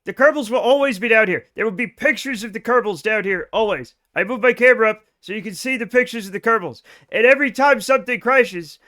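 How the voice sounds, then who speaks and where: Man, game streamer, animated and joking, casual swearing, high voice, bright tone. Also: fast talker, hardly any pauses. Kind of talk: live gameplay stream chat.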